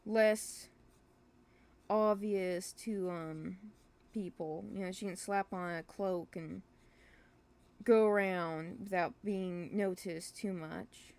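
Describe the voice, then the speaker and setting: A woman who makes a webcomic, chatting casually on a livestream in a rambling, hesitant way, full of fillers and restarts and quick to apologize for herself. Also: on the low side, fairly even intonation, a little mellow. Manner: self-deprecating, apologetic. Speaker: webcomic creator streaming live.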